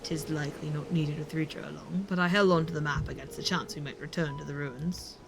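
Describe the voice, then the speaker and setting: Woman reading fantasy game heroes in a mock Irish lilt, slow and grand, over game music. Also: low voice, steady tone, vocal fry, pitched below the performer's own voice. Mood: theatrical. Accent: put-on Irish. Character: fantasy game characters, read aloud.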